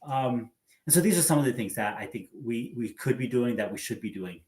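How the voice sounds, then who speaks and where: A man's voice: medium pitch, animated, brisk, a little mellow, echoey room. A man, a doctor, speaking as a podcast guest in an earnest, hopeful way, with hesitant restarts. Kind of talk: casual interview conversation.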